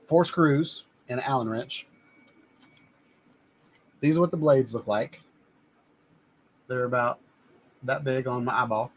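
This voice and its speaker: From his home studio, a man hosts a casual live stream reviewing drones, chatting in a rambling way while showing items to the camera. His voice is medium in pitch, slow, with long pauses, and there's slight background noise.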